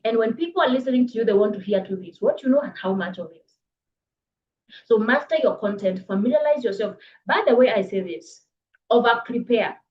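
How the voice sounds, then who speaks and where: A woman coaching public speaking in a live online workshop, brisk and encouraging, reading viewers' comments aloud. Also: a little high, highs cut off, slight background noise. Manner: brisk, encouraging, reads chat comments aloud, laughs often. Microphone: video call.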